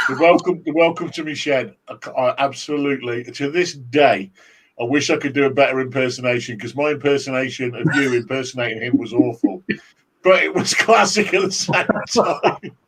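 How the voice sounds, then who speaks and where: A man's voice: medium pitch, very animated, normal speed, fairly bright tone, slightly rough. A man co-hosting a casual chat, jokey and laughing often.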